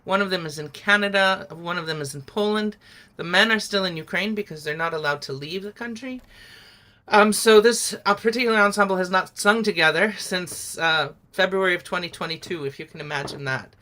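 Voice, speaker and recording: Middle-aged woman, song leader, bright and clear, patient and encouraging, on a video call. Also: lowish voice, a little fast. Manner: patient, encouraging, explains step by step. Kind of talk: online singing lesson.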